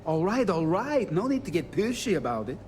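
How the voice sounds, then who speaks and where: A man's voice: high-pitched, very animated, fairly quick, a little mellow, slight background noise. An actor voicing a nervous, apologetic male starship engineer in a video game, stammering through his lines with lots of fillers. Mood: grudging.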